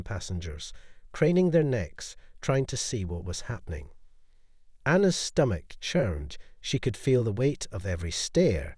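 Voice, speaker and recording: A man narrating a scripted audio story in a measured, dramatic way. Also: lowish voice, darkish tone, no echo, clean studio sound.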